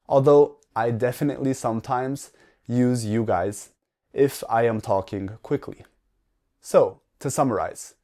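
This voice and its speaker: Slow, careful man teaching English. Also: mid-range voice, warm tone. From United States. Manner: slow, careful, deliberate delivery for learners. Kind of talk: slow scripted lesson narration.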